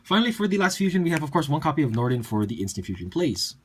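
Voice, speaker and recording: Fast-talking young man explaining a deck. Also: a little high, sing-song, a little hiss or hum. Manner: rapid, chatty, lots of fillers and asides. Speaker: deck profile presenter. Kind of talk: casual card game deck breakdown.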